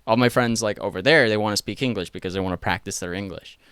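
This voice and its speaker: A man born in Sweden, raised in the States and speaking with an American accent, chatting on a podcast as a guest in a halting, laid-back way with lots of fillers. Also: fairly low pitch, a bit bright, clean tone, no echo, studio quality. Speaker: guest musician. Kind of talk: casual podcast chat.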